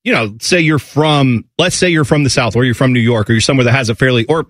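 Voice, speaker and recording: A man's voice: medium pitch, fast talker, fairly bright tone, dry recording. A man co-hosting a casual podcast chat in a plain American accent, talking in a loose, rambling way and slipping into mocking quoted voices. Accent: General American. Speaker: podcast co-host.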